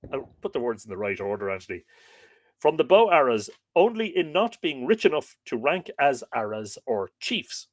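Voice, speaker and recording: A man's voice: a little high, dry recording. Rambling man hosting a livestream. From Ireland. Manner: chatty, rambling, reads comments aloud. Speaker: livestream host. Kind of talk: live-stream reading and chat.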